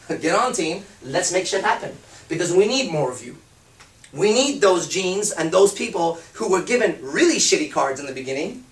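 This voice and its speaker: A man's voice: high-pitched, far from the mic. Man, seminar speaker, blunt, swears a lot, echoey room, off-mic. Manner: profane, blunt, emphatic. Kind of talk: live seminar talk. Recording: roomy hall, speaker off-mic.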